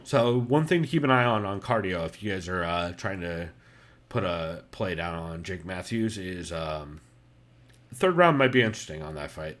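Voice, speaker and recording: A man's voice: low voice, lively intonation, normal speed, fairly bright tone. A man hosting a casual podcast, talking loosely with lots of fillers and swearing. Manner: loose and profane, many fillers. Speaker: podcast host.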